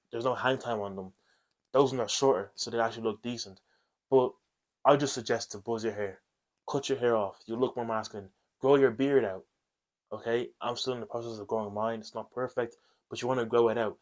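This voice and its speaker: A man talking straight to camera, giving blunt advice in a coaching tone, tagging points with "okay?" and swearing casually. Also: medium pitch. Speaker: self-improvement video host. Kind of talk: direct-to-camera advice monologue.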